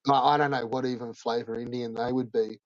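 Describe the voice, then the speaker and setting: A man chatting casually, slangy and sweary, full of drawn-out fillers. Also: mid-range voice, flat delivery, no room sound. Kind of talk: casual chat. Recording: dull dry sound.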